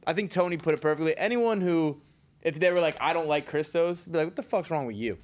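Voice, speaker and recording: A man's voice: fairly high pitch, fast talker. A man, a fighter guest, bantering on a casual podcast. He jokes, swears freely and keeps asking "you know what I mean".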